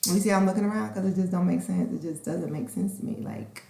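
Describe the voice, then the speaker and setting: A woman hosting a podcast in a casual, expressive monologue. She acts out conversations and sometimes slips into a whisper. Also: on the low side, a little fast, gravelly, long pauses. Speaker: podcast host. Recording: roomy echo.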